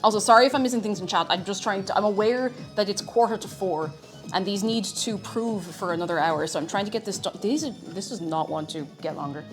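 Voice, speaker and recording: A woman's voice: medium pitch, brisk, soft background music. A woman streaming as she bakes, chatting casually and mocking herself with giggles and flustered apologies from her home kitchen. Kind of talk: casual live-stream chat while baking.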